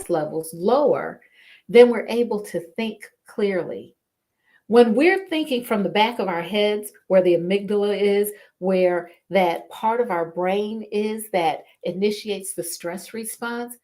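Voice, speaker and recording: A middle-aged woman hosting a live talk, telling a story in an unhurried way with frequent pauses and fillers. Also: medium pitch, a little mellow. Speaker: host.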